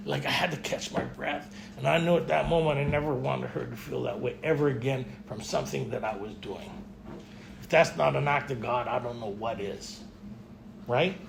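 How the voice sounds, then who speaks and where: A middle-aged man speaking at a recovery retreat, telling his story in an animated way and acting out the dialogue. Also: fairly high pitch, creaky, slight background noise.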